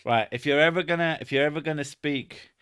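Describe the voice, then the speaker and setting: A man's voice: on the high side, brisk, a bit bright, smooth. An English man chatting casually on a live stream, swearing often and laughing as he rambles. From England.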